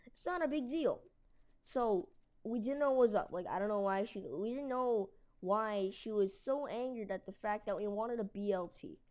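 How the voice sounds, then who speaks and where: A woman's voice: medium pitch, moderate pace, a little mellow. A woman telling a story casually, rambling with lots of fillers and mild slang. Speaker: storytelling video creator.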